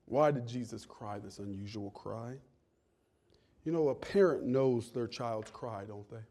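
A man preaching a sermon, swinging from hushed low lines to loud cries, with dramatic pauses.

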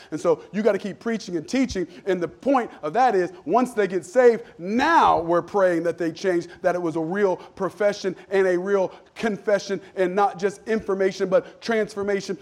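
A man pastor preaching a sermon, calling for amens and swinging between loud emphatic lines and low asides. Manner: call-and-response preaching, asks for amens.

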